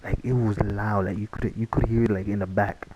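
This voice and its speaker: A man's voice: fairly low pitch, flat delivery, fairly quick, muffled recording, very noisy. A young man telling a casual story-time tale, rambling with many fillers and restarts. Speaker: vlogger.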